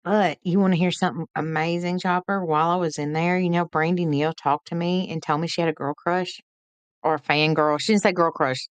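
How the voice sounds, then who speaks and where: Chatty woman with a low voice. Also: steady tone, fairly quick, smooth, dry recording. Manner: chatty and folksy, greets viewers by name, laughs easily. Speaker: live-stream host. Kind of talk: late-night live-stream chat with viewers.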